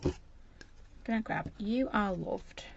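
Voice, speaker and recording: A woman's voice: mid-range voice, slow, creaky. A chatty woman from Britain, rambling cheerfully while she demonstrates a journal craft project on a live stream. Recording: dull lo-fi livestream audio with faint noise.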